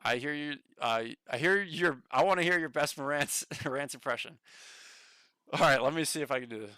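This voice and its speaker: A man casually chatting on a stock market livestream, excitable, swearing now and then and reading the chat aloud. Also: on the high side, a little fast, clear, resonant tone, no room sound.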